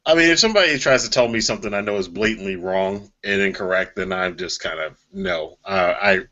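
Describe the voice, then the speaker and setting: A man's voice: sits low, brisk, sharp tone, highs cut off. A man co-hosting a casual wrestling chat, matter-of-fact and knowledgeable.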